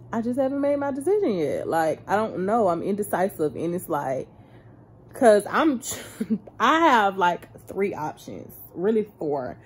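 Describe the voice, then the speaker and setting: A woman's voice: lowish voice, darkish tone, a little hiss or hum. A woman in her twenties from Florida, chatting casually and rambling to her viewers in a vlog recorded on a phone. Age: 20s. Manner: chatty, rambling, laughing often. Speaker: vlogger. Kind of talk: casual chat to camera.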